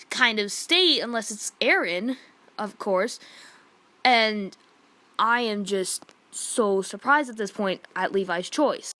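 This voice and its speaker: A woman's voice: fairly high pitch, a bit bright, no echo. A woman giving a casual, exasperated review rant, retelling events in a rambling way full of "like". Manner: rambling retelling, heavy use of "like"; exasperated and indignant. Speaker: manga reviewer.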